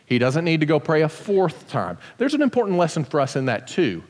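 Lively-voiced man preaching in reverberant hall. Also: on the high side, a little fast. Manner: casual, joking asides while teaching scripture. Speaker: pastor. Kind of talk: conversational sermon. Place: church sanctuary.

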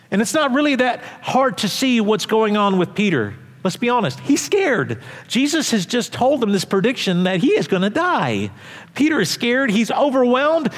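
A male pastor delivering an emphatic, conversational sermon in a church hall with long reverb. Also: sits high. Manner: animated, emphatic, conversational preaching.

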